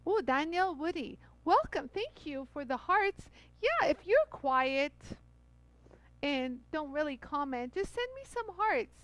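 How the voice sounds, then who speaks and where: With a high-pitched, somewhat bright voice that swings widely in pitch, a middle-aged woman unhurriedly hosts a live-stream jewelry tool demo. She's bubbly and chatty, heavy on fillers, and addresses viewers as "you guys"; no echo, but poor audio.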